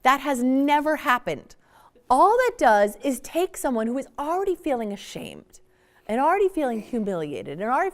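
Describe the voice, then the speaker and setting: Woman workshop presenter, lively and emphatic, fairly high voice, acts out quotes. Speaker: parenting workshop speaker. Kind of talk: public talk.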